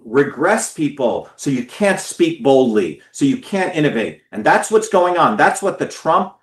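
A man's voice: a little high, roomy sound. A man giving an impassioned, profane talk to his followers, stressing and repeating words. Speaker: political speaker.

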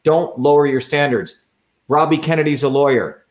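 A man's voice: fairly high pitch, normal speed. A man who is a political candidate, giving a combative, repetitive campaign talk over a livestream.

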